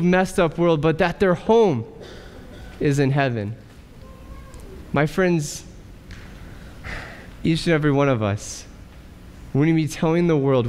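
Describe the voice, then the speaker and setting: A male pastor preaching a sermon in a church, asking rhetorical questions and pausing for effect. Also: a little high, darkish tone, clean tone. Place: church sanctuary. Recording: church hall reverb.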